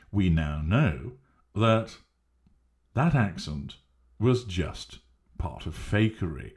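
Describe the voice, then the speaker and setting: A man giving a measured, emphatic, lecturing analytical monologue. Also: low-pitched, darkish tone. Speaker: commentator on narcissism.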